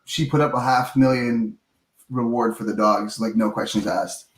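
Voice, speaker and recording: A man's voice: mid-range voice, steady tone, moderate pace. Laid-back man in an echoey room. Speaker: podcast co-host. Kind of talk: casual chat.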